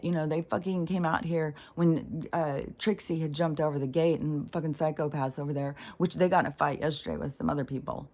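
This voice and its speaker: A woman's voice: low voice, a little mellow. A woman talking straight to camera in a rambling, indignant rant, swearing heavily as she tells a story. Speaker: spiritual vlogger. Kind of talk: casual ranting monologue.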